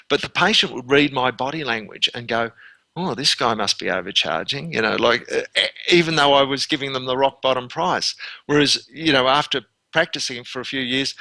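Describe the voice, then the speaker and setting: A man's voice: medium pitch, sharp tone, no room sound. An Australian man in his fifties, a dentist guest telling earnest anecdotes with frequent restarts. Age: 50s. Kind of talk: conversational interview.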